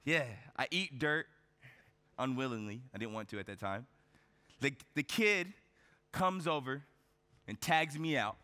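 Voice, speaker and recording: A man's voice: mid-range voice, lively intonation, a little slow, long pauses, sharp tone. Man giving a keynote in a hall. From United States. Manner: storytelling with rhetorical questions and frequent "right?". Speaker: keynote speaker. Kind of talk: motivational keynote speech. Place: large event hall on stage. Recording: reverberant conference hall.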